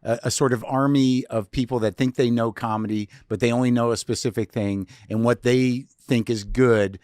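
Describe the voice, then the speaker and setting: A man's voice: mid-range voice, fairly even intonation, normal speed, darkish tone, no echo, clean studio sound. A man giving thoughtful opinions in a casual conversation. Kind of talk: casual chat.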